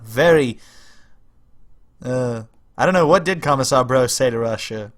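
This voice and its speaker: A man's voice: mid-range voice, lively intonation, a little slow, long pauses. A young man chatting casually on a game livestream, stammering and repeating words as he rambles and laughs. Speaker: livestreamer playing a strategy game.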